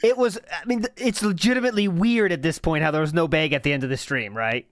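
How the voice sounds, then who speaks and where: A man's voice: on the high side, fast, dry recording, clean studio sound. A man chatting casually on a livestream, explaining how to look something up.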